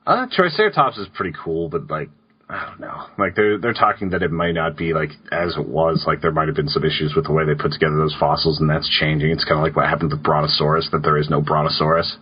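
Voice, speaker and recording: A man's voice: a bass voice, fast, husky. A man co-hosting a podcast in casual chat, laid-back and rambling as he reads listener questions. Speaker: podcast co-host. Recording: dull lo-fi podcast audio.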